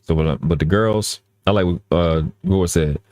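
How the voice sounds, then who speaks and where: A man's voice: sits low, normal speed, a little mellow. A man talking earnestly in casual live-stream chat, often restarting and repeating his phrases.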